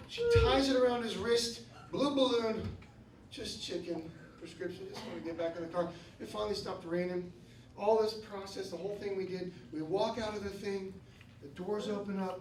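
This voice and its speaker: Fifty-something guy doing stand-up, goes off on shouty rants, echoey club, crowd laughing. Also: very high-pitched. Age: 50s. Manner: storytelling, bursts into shouted rants. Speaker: stand-up comedian. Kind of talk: stand-up comedy set. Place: comedy club stage. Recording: roomy club sound from a distance. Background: audience laughing.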